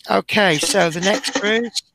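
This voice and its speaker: A man's voice: high voice, slow, creaky, noisy background. A man hosting a live model-building stream, chatting casually and self-deprecatingly as he talks through each step, sounding tired.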